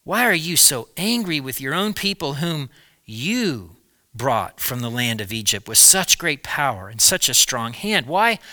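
A man's voice: a little high, bright, forceful tone, heavily acted. A man preaching, voicing Moses pleading earnestly with God in a Bible retelling.

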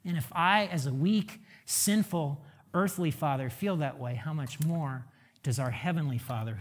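A man's voice: fairly high pitch, moderate pace. A middle-aged man, a pastor and father, preaching a conversational sermon full of rhetorical questions.

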